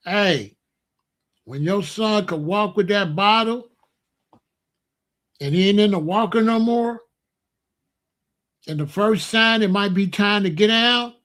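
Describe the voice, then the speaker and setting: A middle-aged man, telling folksy stories at a casual, animated pace as the host of an online show, with loud exclamations. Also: high-pitched. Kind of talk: casual storytelling monologue.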